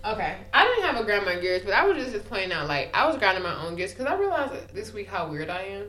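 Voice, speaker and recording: A woman's voice: mid-range voice, sing-song, fast, sharp tone, echoey room. A woman co-hosting a casual chat podcast, telling rambling, self-deprecating stories full of "like". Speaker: podcast co-host.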